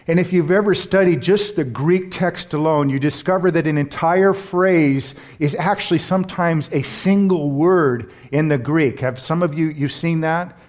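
A pastor and Bible teacher preaches a sermon, earnest and emphatic, questioning his congregation and slowing down to stress key words. His voice is fairly high and a little mellow.

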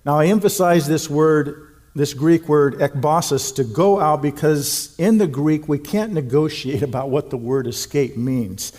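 A middle-aged man delivers a sermon with a slightly raised pitch. He speaks earnestly and emphatically. He slows right down to lean on the words that matter. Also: darkish tone. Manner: earnest, emphatic preaching with slow stressed phrases. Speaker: pastor.

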